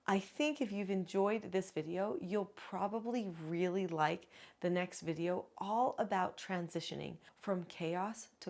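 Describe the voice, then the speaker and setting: Calm instructive woman with a low voice. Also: creaky. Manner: calm, instructive, explains step by step. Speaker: parenting educator and author. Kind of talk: parenting advice video.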